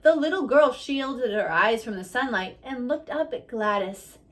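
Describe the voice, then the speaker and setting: A woman reading a biography aloud at a steady storytelling pace. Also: on the high side, measured pace. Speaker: audiobook reader.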